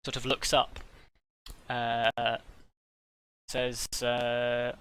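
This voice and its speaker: A man narrating a tabletop game as game master, talking in a halting way with many fillers. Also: mid-range voice, pushed and bright.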